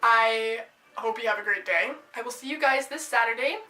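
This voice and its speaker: A woman telling funny personal stories in an animated storytime vlog, excitable and given to bursts of loud yelling. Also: fairly high pitch, moderate pace. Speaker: storytime vlogger. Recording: echoey room.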